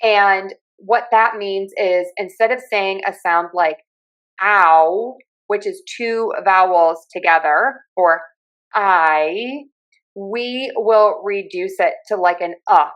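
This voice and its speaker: A woman with a Pittsburgh accent talks through speech sounds like a friendly teacher, spelling out each point clearly and stopping to demonstrate vowels. Her voice sits at an ordinary middle pitch for a woman. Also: takes it slowly, few pauses, low-quality recording. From Pittsburgh, USA. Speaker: speech pathologist and communication coach. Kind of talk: explanatory talk on accents.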